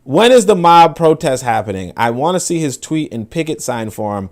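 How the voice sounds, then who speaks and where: A man's voice: a little high, big pitch swings, moderate pace, darkish tone. A man giving casual, profane commentary on online clips, rambling and full of filler words.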